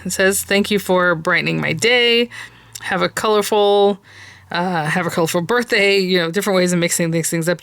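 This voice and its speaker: A woman talks through a craft supply unboxing, gushing over each piece with plenty of fillers. Her voice is smooth and clear, pitched a little low. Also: a bit bright. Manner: chatty and gushing, many fillers. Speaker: crafting channel host. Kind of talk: product unboxing and review.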